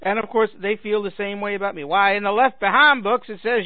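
High-voiced man ranting sarcastically, tinny sound. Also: steady tone, brisk, few pauses, dry recording. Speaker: radio talk host. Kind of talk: comedic monologue.

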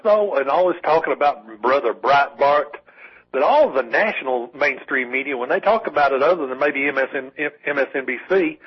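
A man's voice: a little high, husky. Rambling man on lo-fi radio. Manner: rambling, many restarts, wry asides. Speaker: call-in co-host. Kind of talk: casual political talk radio chat. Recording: dull lo-fi radio broadcast.

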